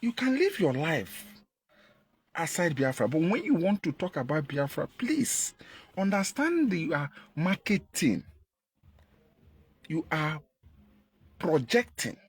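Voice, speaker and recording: A man with a Nigerian Igbo accent delivering an impassioned political monologue, repeating his points and jumping in pitch for emphasis. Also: very animated, takes it slowly, pauses often, breathy edge. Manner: emphatic, repetitive, pitch leaps when stressing. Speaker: activist commentator.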